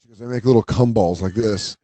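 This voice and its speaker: A male co-host in casual chat, animated and crude. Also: lowish voice, quick pace.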